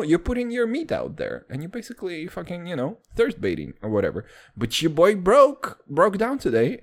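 Rambling profane young man hosting a podcast. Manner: rambling, profane, jokey, wildly swinging pitch. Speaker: podcast host. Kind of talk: casual chat.

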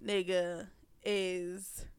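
A woman's voice: lowish voice, level tone, extremely slow, clear, resonant tone. A woman, chatting casually and teasingly, laughing and acting out quotes. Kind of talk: casual couple chat.

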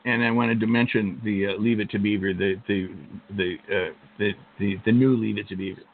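An older male host chats in a loose, rambling way with many restarts. His voice has a gravelly edge. The audio is narrow and phone-like. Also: on the low side, steady tone, fairly quick, a little hiss or hum. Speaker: interview host. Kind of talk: casual interview chat.

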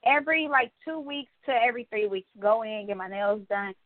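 A young woman co-hosts a casual podcast, telling stories with animated energy and freely swearing as she acts out what people said. Her voice sits a little high. It comes through dry and thin, like a phone line. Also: fairly quick, no echo. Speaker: podcast co-host. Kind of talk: casual chat.

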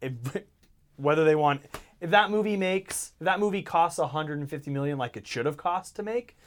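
Male co-host with a fairly high voice, quick to laugh and tease, casual podcast banter. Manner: animated, laughs often, teasing.

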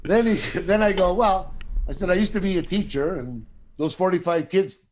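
A middle-aged man with a slightly high voice tells a rambling story in a loose, conversational way. He swears freely and slips into the voices of the people he quotes. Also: moderate pace. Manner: profane, animated, acts out quoted voices. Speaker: guest storyteller. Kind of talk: casual anecdote telling.

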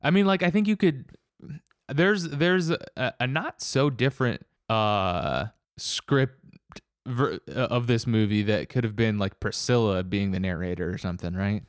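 A man's voice: lowish voice, unhurried, dry recording, studio quality. A young man in casual film chat, thinking aloud hesitantly with many fillers.

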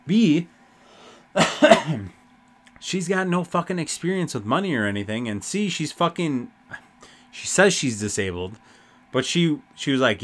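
A young man hosting a podcast, rambling through a festival story with constant swearing and animated retelling. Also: fairly high pitch, measured pace, pauses often. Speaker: podcast host. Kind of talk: casual storytelling.

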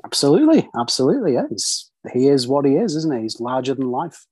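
A man's voice: mid-range voice, sing-song, fast, a little mellow, breathy edge, no room sound. A man in his forties hosting a casual film chat, talking in loose restarts with lots of tag questions. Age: 40s. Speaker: podcast host.

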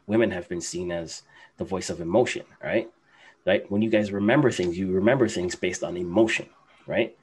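Low-voiced man arguing in casual chat. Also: darkish tone. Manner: argumentative, keeps checking with "right?". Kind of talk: casual group discussion.

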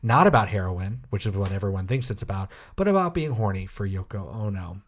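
Man chatting wryly, a bit low. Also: lively intonation, fairly quick. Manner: rambling, wry and offhand, with many fillers. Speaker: podcast co-host. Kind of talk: casual chat.

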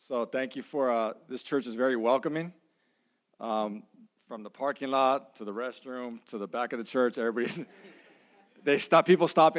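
Male church guest, mid-pitched, relaxed and hesitant delivery. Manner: informal, hesitant with fillers. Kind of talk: casual address to congregation.

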